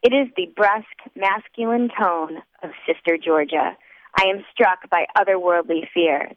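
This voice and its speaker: A woman narrating a first-person audiobook in a wry, measured way. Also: fairly low pitch, no room sound. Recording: dry, tinny phone-like sound.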